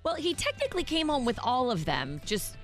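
A woman co-hosting a radio show, telling a family story in lively casual banter and acting out each person in it. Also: high-pitched, brisk, soft background music. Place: radio studio.

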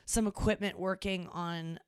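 A young woman hosting a podcast, telling a story in an animated, exasperated way and swearing now and then. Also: on the low side, unhurried, smooth, no echo, clean studio sound. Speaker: podcast host. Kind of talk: casual monologue. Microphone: studio mic into a mixing board.

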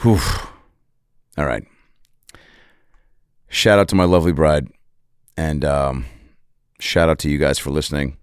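A man's voice: very deep voice, a little slow, pauses often, clean tone, no room sound, clean studio sound. A male comedian hosting a podcast, telling a story and acting out the voices in it. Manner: animated, acts out voices in stories.

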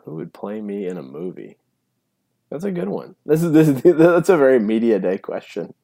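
A man's voice: medium pitch, very animated, moderate pace, gravelly, warm tone. A man co-hosting a casual sports talk show, rambling with lots of fillers and laughs. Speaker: podcast co-host.

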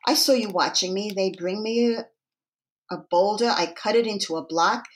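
A woman's voice: mid-range voice, moderate pace, natural voice. A woman voicing a hostile medieval stonecutter who scolds impatiently, in a storytelling parable. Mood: scornful.

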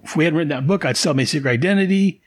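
A man's voice: fairly high pitch, very fast, natural voice. A man reading out the lines of a wry, reluctant male comic-book hero in a casual voice. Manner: read aloud casually.

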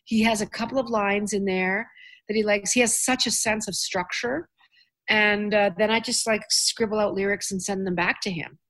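A woman's voice: mid-range voice, steady tone, normal speed, a bit bright. A woman hosting a casual chat, enthusiastic and rambling. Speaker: host.

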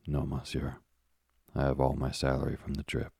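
A man voicing an earnest, courteous young male sailor in an audiobook, with a gravelly, husky voice. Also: very deep voice, completely flat delivery, moderate pace, a little mellow, no room sound, clean studio sound, heavily acted. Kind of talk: audiobook character reading.

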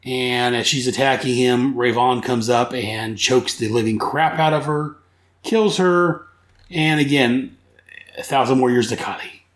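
A man's voice: medium pitch, measured pace, reverberant. A man hosting a podcast, recapping comics casually in a rambling, enthusiastic way that corrects itself as he goes. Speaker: comic book podcast host.

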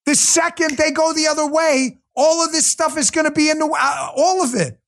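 A man's voice: extremely high pitch, steady tone, normal speed, fairly bright tone. A man hosting a livestreamed political commentary show, talking in a combative, sarcastic rant. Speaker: political talk show host.

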